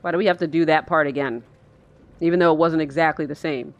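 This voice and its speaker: A woman's voice: sits low, fairly even intonation, fast talker, dull audio. A woman giving casual live commentary while watching a film from her chair, chatty and sarcastic, swearing and laughing a lot. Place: indoors, seated in a chair.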